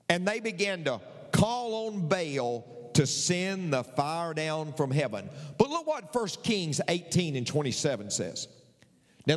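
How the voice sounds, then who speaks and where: A man's voice: a little high, in a large hall. An older male pastor preaching a sermon in an emphatic, repetitive, folksy way with bits of humor.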